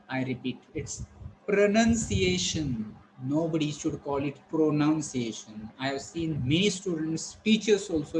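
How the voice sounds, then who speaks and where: A man's voice: fairly high pitch, darkish tone, slight background noise, low-quality recording. A man teaching an online pronunciation lesson, repeating words and quizzing his students. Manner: repetitive, drilling questions at students. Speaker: English teacher.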